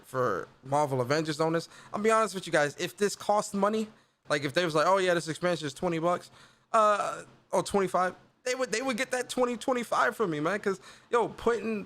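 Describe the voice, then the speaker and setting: In loose, slangy reaction commentary, a man with a strikingly high voice walks through a game reveal. He gets excited and keeps circling back to his own phrases, much like a gaming channel host chatting with viewers.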